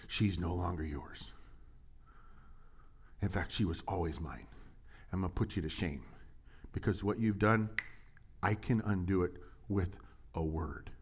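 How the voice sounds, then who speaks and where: A male pastor voicing God in a casual paraphrase, first mocking the grumblers, then speaking softly and firmly. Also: low-pitched, unhurried, pauses often, slightly rough, pitched below the performer's own voice, exaggerated voice. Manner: mocking paraphrase that turns soft and hushed. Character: God speaking to scolders, wry and sarcastic.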